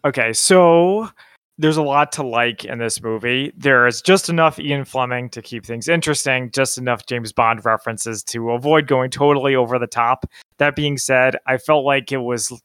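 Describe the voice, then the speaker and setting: Bright-voiced male podcast co-host. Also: medium pitch, moderate pace, clean tone, no room sound, clean studio sound. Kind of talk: casual film review chat.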